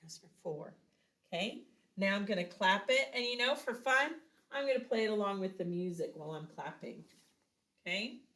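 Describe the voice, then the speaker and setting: A woman's voice: mid-range voice, fairly quick, sharp tone. A woman teaching a children's recorder lesson, patiently explaining and chanting rhythms aloud. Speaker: music teacher.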